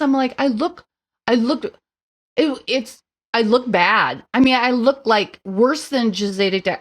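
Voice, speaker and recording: A middle-aged woman, a podcast guest, telling her story in casual chat with animated asides and quick mimicked voices. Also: high-pitched.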